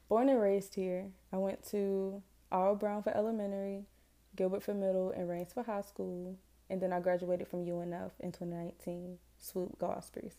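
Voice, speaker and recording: A woman's voice: mid-range voice, mellow. Chatty Southern woman in her twenties. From Jacksonville, Florida, US. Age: 20s. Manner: chatty, rambling, self-deprecating, slangy. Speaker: podcast host. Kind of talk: casual solo podcast chat.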